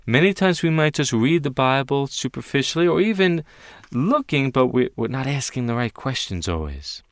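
A man's voice: mid-range voice, expressive, normal speed, dry recording. A man leading an interactive Bible teaching, emphatic and questioning his listeners as he stresses key words.

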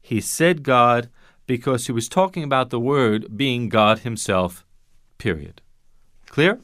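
A man's voice: medium pitch, slow pace, a bit bright, dry recording, clean studio sound. A man teaching Bible Greek grammar in an emphatic way, asking rhetorical questions and repeating his key points.

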